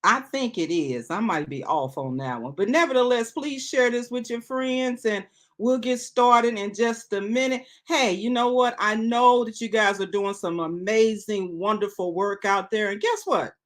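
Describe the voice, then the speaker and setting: A woman's voice: mid-range voice, normal speed. A middle-aged woman hosting her own live-stream talk show, chatting casually and greeting viewers by reading their comments aloud.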